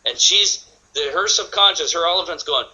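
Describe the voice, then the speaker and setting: A man leads a sales training session in an energetic, forceful voice that sits a bit high. He keeps acting out what customers think, quote by quote. The recording is dull and lo-fi. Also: moderate pace.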